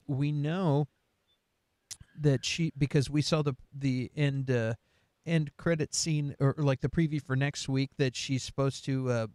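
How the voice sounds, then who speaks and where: Rambling casual man, higher voice. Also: a little mellow, no room sound, studio quality. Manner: rambling, laughs often, many fillers. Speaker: podcast co-host. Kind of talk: casual chat.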